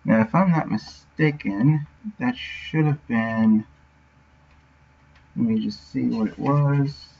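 With a creaky, mid-range voice, this game developer streams his work slowly, leaving long pauses as he mutters his thoughts and sounds out words. The lo-fi recording is dull, with a little hiss or hum.

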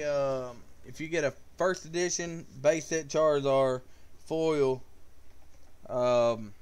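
Joking man streaming a card game. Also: fairly high pitch. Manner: casual, joking, talks to viewers by name. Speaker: live streamer. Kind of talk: live gameplay commentary, reading chat.

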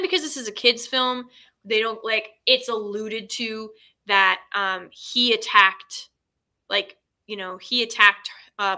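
A woman's voice: medium pitch, pushed and bright. A woman hosting a casual film recap, chatty and full of fillers, retelling scenes in quoted dialogue. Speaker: host.

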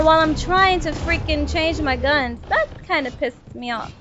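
A woman streaming a shooter game, chatting casually with viewers and cursing loudly at opponents. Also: sits high, noisy background. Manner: profane, quick to anger, talks to chat and game. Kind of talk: casual gaming livestream chat. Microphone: desk mic. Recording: dull lo-fi mic with game music.

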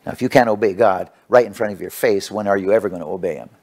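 A man preaching a sermon. He reads scripture aloud, then tells stories in a halting way, with many restarts. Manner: swings between loud preaching and low quiet storytelling.

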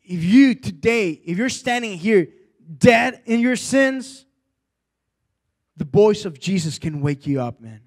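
A male preacher delivering a sermon, rising from quiet storytelling to loud, impassioned exhortation. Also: sits high, expressive, slow pace.

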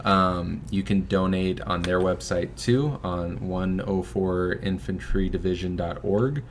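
Young man, very low voice, relaxed filler-heavy chat, faint background noise. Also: unhurried. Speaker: filmmaker guest, son of host. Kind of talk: casual livestream fundraising chat.

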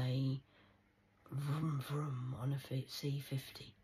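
A woman rambling in a monologue to camera, slipping between hushed whispers and sudden loud outbursts, swearing and speaking in a conspiratorial tone. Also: very deep voice, flat delivery, slow pace, a little hiss or hum, rough recording. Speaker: vlogger.

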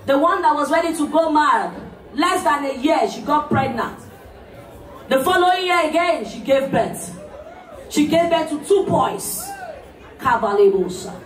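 A woman, the MC at a party, telling a story loudly and playfully with lots of laughter. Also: high voice, lively intonation, unhurried. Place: large party hall. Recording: echoey hall from far off, crowd.

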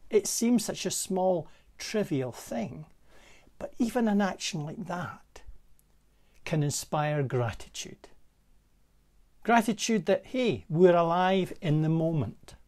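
A man with a Scottish accent, a parish minister giving a gentle, conversational reflective sermon from a room in his manse. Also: sits high, lively intonation. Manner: gentle, conversational, with pauses and soft laughs.

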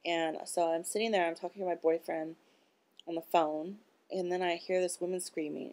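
A woman with a low, husky-edged voice and a gravelly fry runs through a loose, stream-of-consciousness monologue. She talks bluntly and swears freely, with plenty of filler words. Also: fairly even intonation, normal speed, a little mellow. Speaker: vlogger. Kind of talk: rambling casual monologue.

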